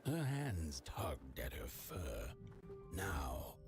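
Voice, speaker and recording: A man voicing a grave storybook narrator of a dark game tale, telling it in a slow, measured way. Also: very deep voice, huge pitch swings, creaky, exaggerated voice. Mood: ominous. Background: game music.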